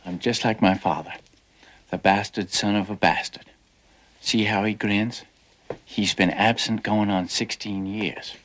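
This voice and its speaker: A restless young man, dreamy but bitter, with a brooding, wry delivery. His voice sits a little low. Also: steady tone, unhurried, a bit bright.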